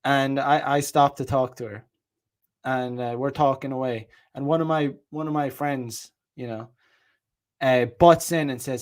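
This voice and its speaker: A man's voice: mid-range voice, fairly even intonation, measured pace. A man telling a story in a casual monologue, rambling and profane, with an indignant edge and frequent restarts. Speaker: vlogger.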